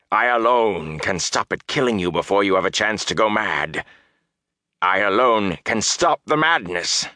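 A man voicing a menacing male dark lord villain in an audiobook, slow and commanding, swinging between roars and low hisses. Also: vocal fry, no echo, clean studio sound, full character voice. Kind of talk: audiobook character voice.

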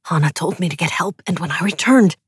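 A woman voicing a frightened young man who speaks in a hushed, urgent way in an audiobook. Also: medium pitch, a little slow, slightly rough, no echo, studio quality. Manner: hushed, whispering.

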